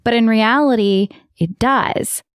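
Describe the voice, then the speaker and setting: Woman, podcast co-host, animated storyteller, dry close sound. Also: fairly high pitch, slow pace, smooth, no room sound. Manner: animated storyteller who acts out quotes and laughs often. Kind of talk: casual chat.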